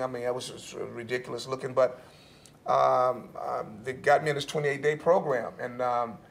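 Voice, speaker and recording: A male panelist telling a candid personal story, laughing and acting out quotes in a high voice. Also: vocal fry.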